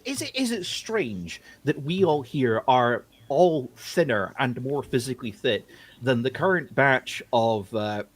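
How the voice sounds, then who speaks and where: A man on a livestream, chatting casually in an animated, joking way. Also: mid-range voice. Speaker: livestream guest. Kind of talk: casual chat.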